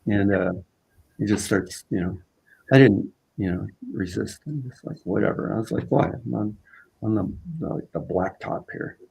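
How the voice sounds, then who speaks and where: A man with a low, gravelly voice tells a story as a guest in a relaxed conversation. He speaks in halting, unpolished phrases, circling back with "uh" and restarts as he finds his words. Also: rough recording. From Southern Vancouver Island, Canada. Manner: halting, many fillers and restarts.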